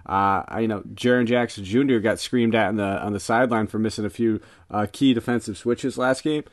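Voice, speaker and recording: A man with a fairly low voice talks eagerly on a casual sports podcast. He is emphatic and fills gaps with ums and uhs. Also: fairly even intonation, brisk. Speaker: podcast co-host. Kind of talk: casual sports betting chat.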